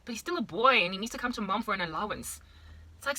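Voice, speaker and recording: A woman's voice: mid-range voice, lively intonation, quick pace, pushed and bright. A South African woman in her thirties, rambling playfully through a casual monologue with exaggerated asides. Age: 30s. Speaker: vlogger.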